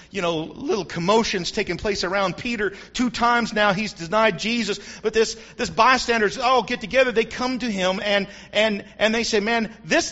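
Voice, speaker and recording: A man preaching a sermon, telling the story with animated swings between loud and hushed delivery, on a dull lo-fi recording. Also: high-pitched.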